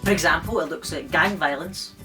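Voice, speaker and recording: A man's voice: fairly high pitch, brisk, loud music behind the voice. A man talking casually to camera, reviewing his favourite film in a chatty way full of "don't get me wrong" asides. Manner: chatty, repeats "don't get me wrong" and "I'm not gonna lie".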